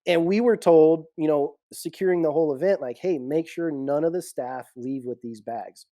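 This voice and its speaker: A man on a podcast, a security professional telling lively stories with frequent laughs. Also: a little high, moderate pace, no echo, studio quality. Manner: animated storyteller, laughs often. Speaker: executive protection guest. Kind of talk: casual storytelling interview.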